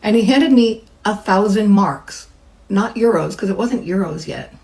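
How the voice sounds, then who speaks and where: A woman's voice: medium pitch, lively intonation, a little slow, gravelly, a little mellow, poor audio. A middle-aged woman, a massage therapist, telling a personal story in a chatty way and acting out the people she quotes. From United States.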